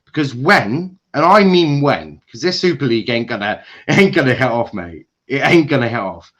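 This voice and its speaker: A man ranting furiously on a football livestream, swearing and shouting at club owners. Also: mid-range voice, sing-song, normal speed, dull audio. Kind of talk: angry fan rant on a livestream.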